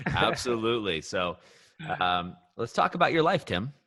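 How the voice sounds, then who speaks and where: A man's voice: lowish voice, big pitch swings, a little slow, pushed and bright. A man hosting a casual podcast conversation, welcoming the audience and answering his co-host bluntly and briefly.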